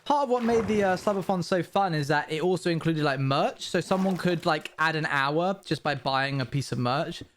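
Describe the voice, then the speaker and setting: A young British man streaming live, chatting casually and answering his viewers' questions in quick, upbeat bursts. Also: on the high side, a little hiss or hum. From Britain. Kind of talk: casual livestream chat with viewers.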